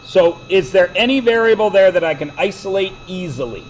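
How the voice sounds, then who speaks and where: A man teaching a math class, quizzing the students with quick questions and cracking jokes. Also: high voice, lively intonation, slight background noise, low-quality recording. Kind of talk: classroom lecture.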